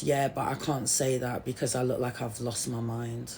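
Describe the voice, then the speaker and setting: A woman's voice: very deep voice, normal speed, vocal fry, a little hiss or hum. A woman chatting casually on a phone livestream, swearing freely and calling people darling. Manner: swears a lot, animated, calls people darling.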